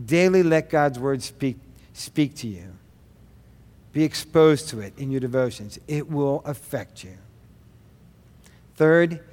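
A middle-aged man preaching a sermon, earnest and direct, with quick asides. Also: medium pitch, long reverb tail. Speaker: pastor. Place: gym.

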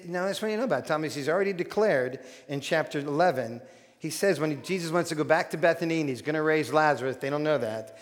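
A man preaching a sermon as pastor, animated and acting out quoted voices. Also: a little high. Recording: long hall reverb.

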